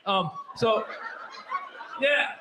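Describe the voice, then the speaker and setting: Guy doing stand-up, really high voice, laughs a lot, noisy room. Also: drawn-out words. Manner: animated, laughing, mock accents. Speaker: stand-up comedian. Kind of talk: stand-up comedy routine.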